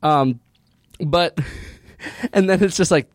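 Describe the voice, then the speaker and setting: A man's voice: a little high, slow pace, no echo. Guy ranting about a movie, laughing a lot, doing silly quote voices, dry close mic. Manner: animated, laughing, mock-quoting characters. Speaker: podcast co-host. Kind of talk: casual movie review chat.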